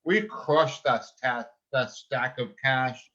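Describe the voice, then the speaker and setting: A man's voice: medium pitch, slow, pushed and bright. Emotional man on lo-fi call audio. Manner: moved, holding back emotion, rambling explanations. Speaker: panelist reporting the tally. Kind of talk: casual live update.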